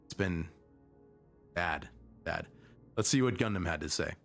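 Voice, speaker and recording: A man's voice: sits low, lively intonation, a little slow, vocal fry, a bit bright, faint music behind. A young man streaming as a vtuber, chatting casually about internet news in a rambling way, often cutting himself off and restarting. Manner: rambling, self-interrupting, conversational.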